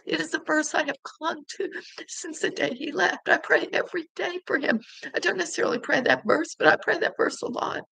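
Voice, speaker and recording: A woman's voice: high voice, a little fast, creaky, sharp tone, dry recording, poor audio. An older woman sharing an earnest, emotional faith testimony as a podcast host, tearful at times. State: crying.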